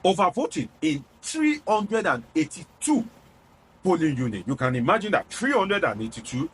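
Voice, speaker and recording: Nigerian man giving lively political commentary. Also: sits high, moderate pace, a little hiss or hum. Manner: explanatory, repeats key figures for emphasis. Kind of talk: spoken political analysis.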